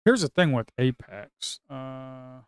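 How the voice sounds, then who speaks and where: A man giving casual live commentary on a slow market as a day trader, grumbling and talking to his viewers as folks, with sudden excited outbursts. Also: mid-range voice, clear, resonant tone, no echo.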